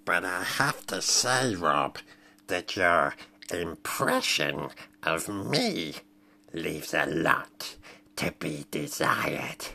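A wretched creeping creature crawls through each word with a slow, gravelly, fried rasp. The voice is low and bright-edged, sharp and tense. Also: male voice, lively intonation, exaggerated voice. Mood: sly. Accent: Scottish.

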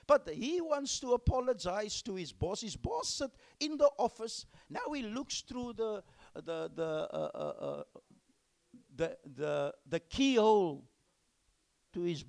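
A male pastor, preaching a sermon emphatically and swinging between loud exclamations and hushed whispers. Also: high voice, gravelly.

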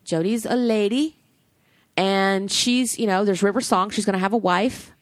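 A woman co-hosting a podcast in casual chat, gushing and animated, swearing freely. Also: medium pitch, moderate pace, dry recording. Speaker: podcast co-host.

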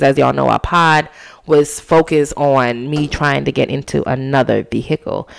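A woman's voice: deep voice, vocal fry. Emphatic, preachy woman podcaster. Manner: preachy and emphatic, speaks directly to listeners; casual and chatty, often says "y'all" and "honey". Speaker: podcast host. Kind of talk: solo podcast monologue.

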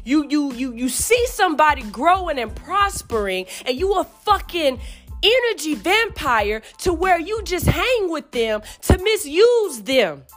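Woman, heated profane venting, high animated voice, faint background music. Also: measured pace. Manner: heated, profane, rising to yelling. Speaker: podcast host. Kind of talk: angry venting monologue.

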